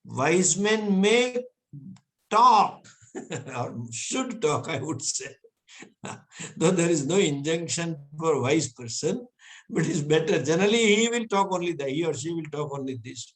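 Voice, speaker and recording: A man from India, teaching a scripture class with patient explanations and frequent soft chuckles. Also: on the high side, lively intonation, unhurried. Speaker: Vedanta teacher. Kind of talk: scripture lecture.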